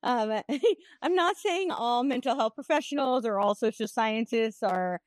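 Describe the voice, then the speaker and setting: A woman's voice: fairly high pitch, expressive, a little slow, dry recording, clean studio sound. A woman guest in a casual discussion who speaks carefully and qualifies her points. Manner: careful, hedging, with small laughs. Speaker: guest commentator.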